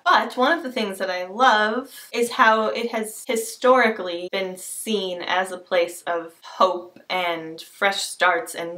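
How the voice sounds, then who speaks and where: A woman's voice: mid-range voice, pushed and bright. A woman vlogging a casual book tag into her camera, gushing and self-deprecating as she talks about her favorite reads. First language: not Scottish, cannot do the accent.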